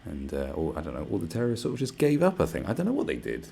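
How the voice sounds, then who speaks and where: A young man rants to camera in a loose, rambling way, swearing freely and dripping with sarcasm. His voice sits very low and rough with a gravelly fry. A faint hiss runs under the recording. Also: wildly swooping pitch, very fast, mellow. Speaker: vlogger. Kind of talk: casual rant to camera.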